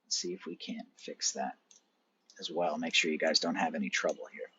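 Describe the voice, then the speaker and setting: Man, teacher, husky, lively intonation, conversational explaining, dull lo-fi recording. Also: extremely low pitch, normal speed. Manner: conversational, explanatory, addresses students directly. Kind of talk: screen-recorded assignment walkthrough.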